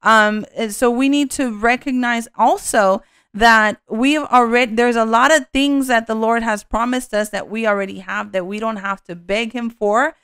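A woman's voice: fairly high pitch, fairly even intonation, normal speed, fairly bright tone, clear, resonant tone, no echo, clean studio sound. A woman teaching a sermon on a scripture passage, earnest and peppered with "um" and "you know" fillers. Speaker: bible teacher.

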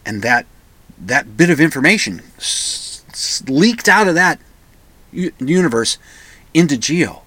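A man's voice: fairly high pitch, big pitch swings, unhurried, sharp tone, no echo. A man hosting a solo podcast, rambling and pedantic, often restarting and correcting himself. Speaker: podcast host.

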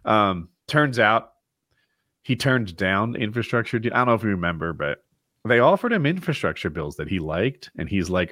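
Low-voiced man musing in chat. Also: big pitch swings, normal speed, bright, forceful tone, dry recording, clean studio sound. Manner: musing, hedging with frequent "like". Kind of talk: casual political chat.

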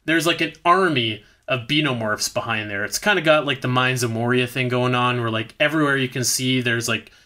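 A man's voice: medium pitch, fairly quick, hardly any pauses, sharp tone. A man co-hosting a podcast, recapping a bad movie in rambling, profane, sarcastic casual chat.

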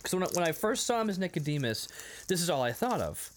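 A man's voice: high voice, fast, slight background noise. A man co-hosting a casual podcast, recapping a movie with lots of laughter and acted-out lines. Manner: animated, acts out movie lines, laughs often. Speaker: podcast co-host.

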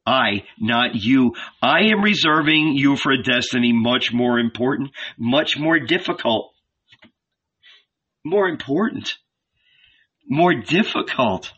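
A calm, insistent archangel, as a man reads him speaks slowly and with measured command, persuading rather than raging. His tone is bright and sits in a muffled, lo-fi audiobook sound. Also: mid-range voice, breathy edge, exaggerated voice. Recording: dull lo-fi recording.

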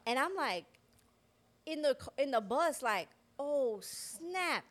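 A woman co-hosting a Christian podcast, telling a personal testimony in a lively way and acting out the voices of the people in her story. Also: sits high, unhurried. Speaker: podcast co-host. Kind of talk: personal faith testimony in casual chat.

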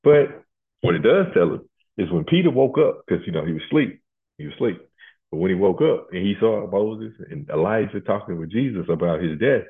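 A man preaching a sermon in a halting, colloquial way, often repeating words as he searches for them. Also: on the low side, lively intonation. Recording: tinny phone-like line.

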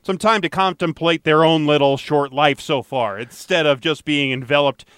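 Smooth-voiced American man hosting a chat show. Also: a little high, moderate pace, fairly bright tone, dry recording, clean studio sound. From United States. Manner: reflective, with frequent restarts. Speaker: podcast host. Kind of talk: casual chat.

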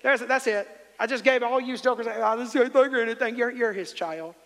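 A man's voice: very high voice, brisk, a bit bright, long reverb tail. A man preaching a sermon as pastor, fervently telling the congregation how to respond. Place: church sanctuary.

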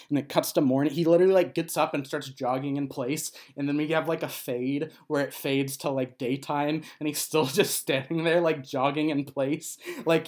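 A man's voice: medium pitch, a little mellow. A man in casual podcast chat, retelling a film plot with many fillers and laughs. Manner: rambling, many fillers, laughs while talking.

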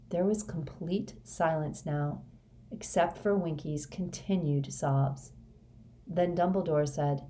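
A woman reading a novel aloud in quiet, even narration. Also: sits low, takes it slowly. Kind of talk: audiobook narration.

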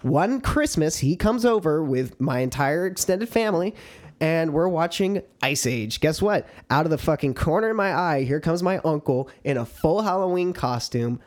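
A man's voice: a little high, expressive, normal speed. Laid-back young man on a podcast. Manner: loose and laid-back, laughs easily, swears often. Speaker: podcast co-host. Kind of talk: casual chat, storytelling.

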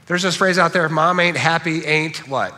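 A man's voice: on the high side, normal speed, pushed and bright, big-room sound. A man preaching a sermon, earnest and repeating key phrases for emphasis, with a lingering dry cough. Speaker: pastor.

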